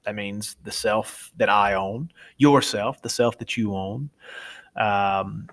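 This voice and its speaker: A man's voice: on the low side, slow pace, a bit bright. A young adult man teaching a class in a chatty, informal way, often stopping to correct himself. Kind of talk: casual classroom lecture.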